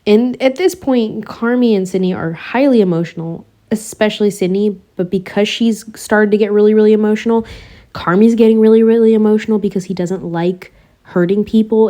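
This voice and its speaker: A young woman on YouTube reviews a TV show for her viewers in a chatty, slangy way, rambling and drifting onto tangents. Her mid-range voice has a dark tone, a steady delivery and a brisk pace.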